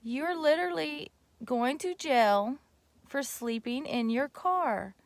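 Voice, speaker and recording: A woman's voice: sits high, slow pace, no echo, studio quality. Chatty woman telling a road-trip story. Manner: animated, with fillers and restarts. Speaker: vlogger. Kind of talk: casual storytelling to camera.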